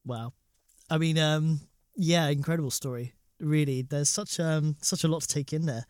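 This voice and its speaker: A man's voice: fairly high pitch, fairly even intonation, normal speed, a little mellow, no room sound. A man hosting an interview, responding appreciatively with a few hesitations. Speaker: host.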